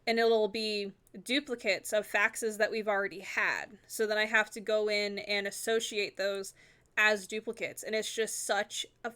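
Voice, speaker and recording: A woman's voice: mid-range voice, little pitch movement, a little slow, bright, forceful tone, clear, resonant tone. A woman streaming a game, chatting casually and rambling with lots of filler words. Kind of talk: casual chat while gaming.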